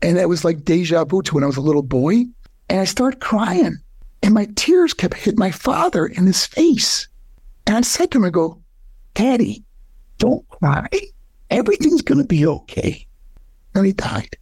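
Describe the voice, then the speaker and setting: An older man, a podcast guest, telling a heartfelt personal story in an earnest way, his voice climbing high when he is moved. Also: sing-song, normal speed, a little mellow, slightly rough, no room sound.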